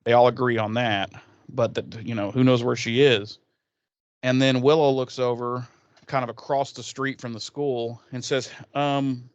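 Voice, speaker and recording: A man's voice: medium pitch, fairly even intonation, unhurried, clean tone, no room sound, highs cut off. A man hosting a podcast, recapping a TV episode in a rambling, profane, casual way with laughing asides.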